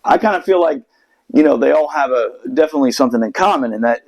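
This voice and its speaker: A man's voice: on the high side, expressive, quick pace, rough recording. A man from the United States telling a long story in casual chat, profane and rambling, with many restarts. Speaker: podcast host telling a story.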